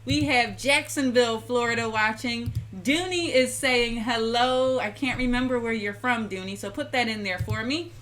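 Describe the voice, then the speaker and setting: A woman's voice: fairly high pitch, normal speed, few pauses, fairly bright tone. A woman from Philadelphia hosting a casual live-stream lotion-making demonstration, chatting and greeting viewers by name. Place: home kitchen.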